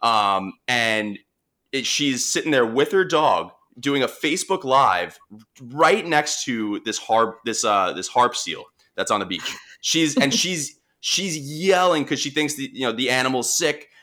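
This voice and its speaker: A young man with a Long Island accent tells a story in easy conversation. His voice is bright and forward, and the pitch sits in the middle. He talks casually, repeats himself and restarts often. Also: lively intonation, a little slow. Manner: chatty, many restarts and fillers. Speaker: marine mammal responder.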